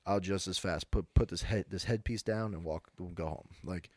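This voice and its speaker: A man's voice: sits low, moderate pace, darkish tone, breathy edge, dry recording, clean studio sound. A young man co-hosting a podcast, rambling through stories, acting out what people said, with lots of "dude" and "bro". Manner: rambling storyteller, acts out quotes, says bro and dude. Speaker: podcast co-host. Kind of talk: casual chat.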